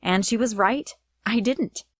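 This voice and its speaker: A woman's voice: on the high side, a little slow. A young woman giving a dramatic first-person storytime narration. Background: faint music.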